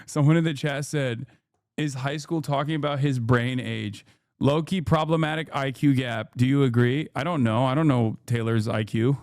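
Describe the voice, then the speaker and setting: A man's voice: mid-range voice, normal speed, a little mellow, no room sound, clean studio sound. A man hosting a casual reaction stream, talking in a sarcastic, joking way. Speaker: streamer host.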